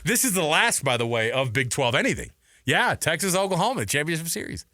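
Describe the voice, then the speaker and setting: Laughing and animated, a man co-hosting sports radio chats casually in a fairly high, bright voice. He talks briskly with a swooping, up-and-down delivery as he tells stories, recorded close on a dry studio mic with no room sound.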